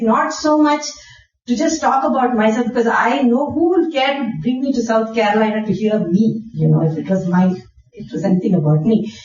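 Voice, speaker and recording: Woman telling a story in an echoey hall. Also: fairly high pitch. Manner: storytelling with soft laughs and many fillers. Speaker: guest speaker. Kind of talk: personal testimony talk. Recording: echoey hall, distant dull mic.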